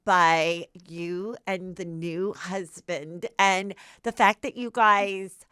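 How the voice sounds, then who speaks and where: A woman doing an impression of a dreamy celebrity woman who talks slowly and softly, wistful and a little timid. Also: fairly low pitch, fairly even intonation, clear, resonant tone, no echo, studio quality. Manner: slow, soft, wistful delivery.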